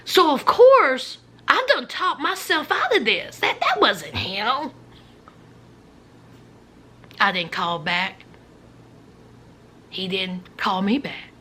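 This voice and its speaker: Woman, storytime vlogger, high lively voice, dramatic, talks to viewers as friends. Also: takes it slowly, pauses often, a little hiss or hum. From rural Virginia. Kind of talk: storytime vlog.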